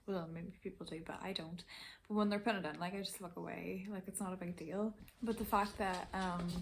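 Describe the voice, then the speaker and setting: Fast-talking Irish young woman vlogger. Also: medium pitch. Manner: fast, chatty, laughing often, swears casually. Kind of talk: casual storytelling.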